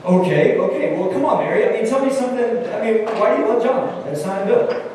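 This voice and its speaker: A man's voice: high voice, lively intonation, a little fast, darkish tone, a little hiss or hum, pitched above the performer's own voice. A man doing a probing old professor. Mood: teasing. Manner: teasing, coaxing questions. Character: older male seminary professor, probing and persistent. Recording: echoey hall from far off.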